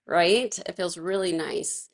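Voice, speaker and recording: A woman's voice: lowish voice, slow, creaky. A woman teaching a casual wellness class, chatty and laughing often, with many fillers and restarts. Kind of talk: casual guided class instruction.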